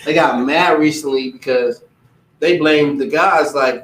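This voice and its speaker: Slightly high-voiced man teaching, echoey and distant. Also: a little slow. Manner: animated, mimics other people's voices. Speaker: religious teacher. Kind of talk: casual street teaching. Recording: echoey room, distant mic.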